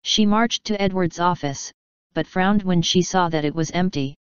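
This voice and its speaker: A woman reading fan fiction aloud in a measured narration. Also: on the low side, clear, resonant tone, dry recording, highs cut off. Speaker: fanfiction reader. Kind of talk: audiobook narration.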